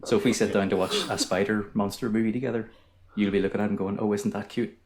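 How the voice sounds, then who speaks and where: Calm quick Northern Irish man. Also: lowish voice, crowd noise. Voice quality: calm, soothing. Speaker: podcast guest. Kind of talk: casual chat.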